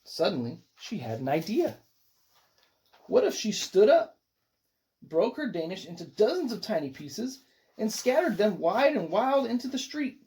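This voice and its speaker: A reader narrates a children's picture book aloud. The delivery rises and falls a great deal, keeping the story lively and expressive. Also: medium pitch, moderate pace.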